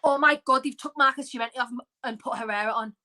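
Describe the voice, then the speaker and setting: A woman with a high, bright voice hosts a live football watchalong. Her reaction commentary is an exasperated rant broken by sighs. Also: fast. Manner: exasperated, ranting, frequent sighs.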